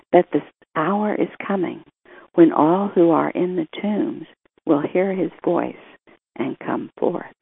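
Slow gravelly-voiced male preacher. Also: on the high side. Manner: measured, reflective preaching, quoting scripture and scholars. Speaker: priest giving a homily. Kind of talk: gospel reading and sermon. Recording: tinny phone-like sound, dry.

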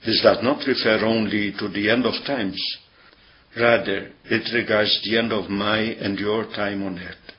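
Slow, measured male homilist, lo-fi. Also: fairly low pitch, steady tone. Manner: slow, measured, reflective delivery. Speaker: priest. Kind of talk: gospel reading and homily. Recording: dull lo-fi recording.

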